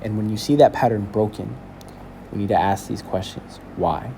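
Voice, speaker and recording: A male teacher walking a class through a lesson, explaining slowly and checking in with "okay?". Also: fairly low pitch, creaky, warm tone, slight background noise. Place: school building.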